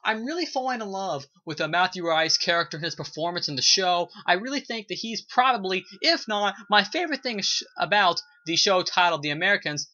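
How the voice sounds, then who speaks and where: Solo video reviewer, bright tense voice, rambling, filler-heavy, enthusiastic, muffled lo-fi recording. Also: mid-range voice, expressive, brisk, hardly any pauses. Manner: rambling, heavy use of "you know" and "uh" fillers; enthusiastic, gushing praise. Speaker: TV episode reviewer. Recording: dull lo-fi recording.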